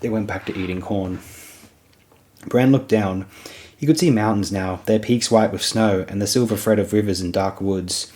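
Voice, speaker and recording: A man narrating a fantasy novel as an audiobook in a steady storytelling manner. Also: fairly low pitch, normal speed.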